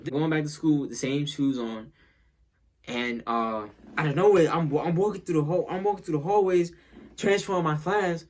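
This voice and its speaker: A man's voice: on the high side, normal speed, darkish tone. A young man telling a casual storytime, rambling and repeating himself as he acts out what people said.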